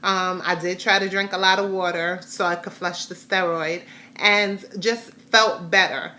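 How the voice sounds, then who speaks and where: A woman's voice: on the low side, fairly even intonation, measured pace, sharp tone. A woman vlogger, mother of a grown son, candidly retelling a hard day with rambling restarts. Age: adult, has a grown son. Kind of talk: personal storytelling vlog.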